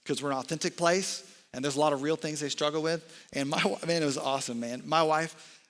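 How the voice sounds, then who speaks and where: A young man preaches with a bright, forceful voice pitched a little high. He gets animated and keeps drifting into jokes and off-script asides. His stage mic carries a long reverb through a large church hall. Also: a little fast. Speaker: college ministry director. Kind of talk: sermon.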